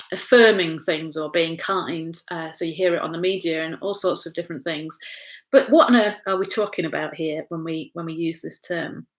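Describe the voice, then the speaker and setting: Chatty English woman leading Bible study. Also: lowish voice. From England. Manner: chatty, warm tag questions, many fillers and restarts. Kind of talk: informal Bible study teaching.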